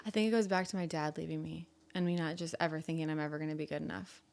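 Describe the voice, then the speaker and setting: A woman's voice: low-pitched, steady tone, very fast, creaky, darkish tone. A woman in her thirties, a podcast guest, talking candidly and reflectively in casual chat, with lots of fillers.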